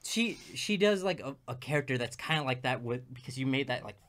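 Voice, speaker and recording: A man chats casually as a livestream co-host. His voice is mid-pitched with a lively up-and-down melody. He rambles and jokes, filling gaps with "like" and "uh". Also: fairly quick. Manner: rambling and jokey, lots of fillers. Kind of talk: casual chat.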